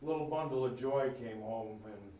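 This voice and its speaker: A man's voice: medium pitch, normal speed. A man giving a funeral eulogy for his brother, telling folksy, rambling family stories. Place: funeral home chapel. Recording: echoey room, distant mic, dull sound.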